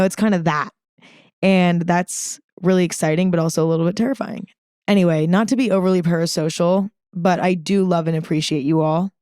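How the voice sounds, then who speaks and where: A woman's voice: lowish voice, darkish tone, no room sound. Chatty young woman podcast host, dry close sound. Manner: chatty, earnest, swears freely, lots of "like" fillers. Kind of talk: casual solo podcast monologue.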